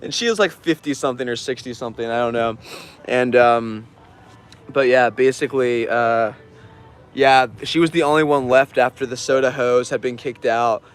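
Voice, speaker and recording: A man's voice: medium pitch, normal speed, clean tone. Rambling man telling stories on a stream. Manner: rambling, many fillers, laughs often. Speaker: artist streaming an auction. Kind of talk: casual livestream storytelling.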